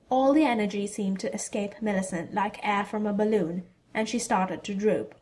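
A woman narrating a fan fiction story in a steady storytelling delivery. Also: mid-range voice, moderate pace, few pauses.

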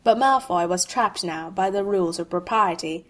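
A woman reading a humorous fan fiction story aloud in an expressive, wry way. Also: fairly low pitch, normal speed. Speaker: narrator.

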